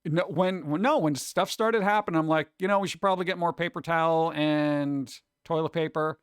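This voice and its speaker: Man, live streamer, casual chat, sarcastic jokes, fairly high voice, dry close sound. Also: normal speed, clear, resonant tone, no room sound. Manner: rambling, joking, sarcastic.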